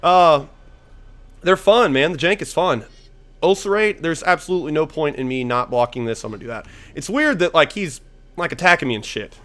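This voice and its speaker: A man's voice: fairly high pitch, animated, normal speed, fairly bright tone. A young man giving casual, profane gameplay commentary as he plays a card game, rambling and thinking aloud. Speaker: gaming YouTuber.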